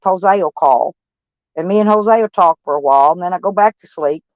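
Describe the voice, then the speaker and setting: A medium-pitched older woman vlogs from van life, rambling bluntly and profanely to camera about her day. The recording is dull and dry, with no room sound.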